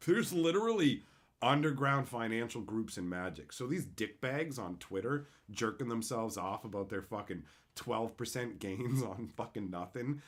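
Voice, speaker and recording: A man's voice: medium pitch, fairly bright tone. A man hosting a live stream, ranting in a sarcastic, profane way and answering chat as he goes. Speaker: streamer host. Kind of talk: profane livestream rant.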